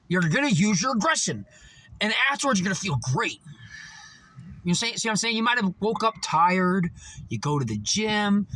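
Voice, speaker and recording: This motivational vlogger's voice is high and slightly rough, recorded with no echo. He rambles and swears through animated stories, stuffing them with fillers.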